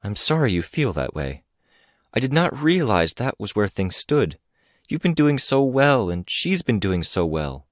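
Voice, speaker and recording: A man's voice: on the low side, sing-song, a little slow, no echo, studio quality, pitched above the performer's own voice. Man voicing a pleading, composed mother. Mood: coaxing. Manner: earnest, coaxing, insistent. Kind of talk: audiobook character reading.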